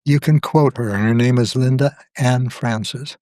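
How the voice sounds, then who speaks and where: Older guy, slow thoughtful talker, mid pitch, dry close sound. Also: darkish tone, no room sound. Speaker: guest, spiritual author. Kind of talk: reflective conversation.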